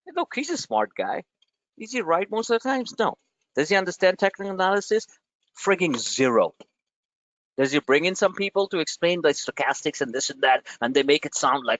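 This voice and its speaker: A man's voice: on the high side, a little fast, no echo. A man coaching traders over a group video call, brash and blunt, his voice jumping up on emphatic points. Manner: brash, animated and blunt, with rising emphatic peaks. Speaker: trading coach. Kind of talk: live market commentary to a group call.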